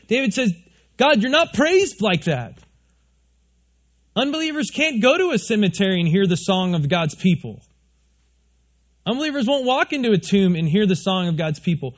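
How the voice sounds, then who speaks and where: A pastor preaching a sermon to his congregation from the stage, animated and asking them questions. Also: high voice, dull audio. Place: church stage before a congregation.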